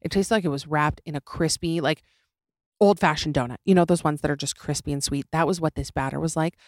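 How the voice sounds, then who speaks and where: A woman's voice: deep voice, dry recording, studio quality. Opinionated young woman podcast host. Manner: opinionated, sarcastic, quick to laugh. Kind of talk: casual comedic podcast monologue.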